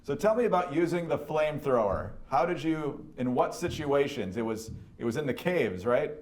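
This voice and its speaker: A man's voice: on the high side, big pitch swings, normal speed, darkish tone. A man working as an interviewer, putting short, prompting questions to a veteran. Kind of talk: oral history interview.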